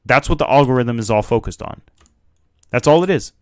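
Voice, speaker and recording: A young man streaming live, talking casually and joking as he reacts to a video. His pitch jumps around with a lot of energy. He is recorded dry and close on a desk mic, with typing and clicking behind him. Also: brisk, no echo. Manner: animated and joking.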